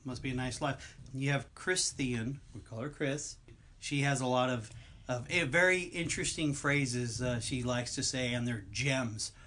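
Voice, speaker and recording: A man's voice: mid-range voice, a little slow, fairly bright tone. Rambling male podcast co-host. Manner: rambling, prone to long tangents. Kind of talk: casual chat.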